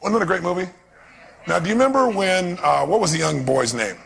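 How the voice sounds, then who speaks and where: A man with a somewhat high, gravelly voice delivers a live seminar talk, lively and constantly putting questions to his audience. His voice rings out with a long reverb through a large hall. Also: brisk. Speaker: seminar speaker.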